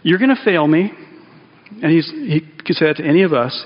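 A man preaching a sermon as pastor in a church, talking in a conversational, animated way with fillers and restarts. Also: fairly high pitch, fairly quick. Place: church sanctuary. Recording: dull lo-fi sound in a reverberant hall.

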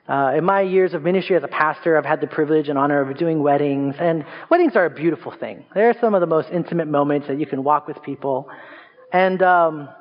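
A young adult male pastor preaching a sermon, telling stories in a lively way and pushing his voice higher for emphasis. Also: fairly quick. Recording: dull sound with long reverb.

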